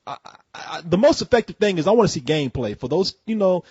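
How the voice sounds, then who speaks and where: Man, call-in host, profane animated rants, slightly high voice, muffled audio. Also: fast talker, husky, no room sound. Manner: profane, animated ranting with jokey asides. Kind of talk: casual call-in show banter.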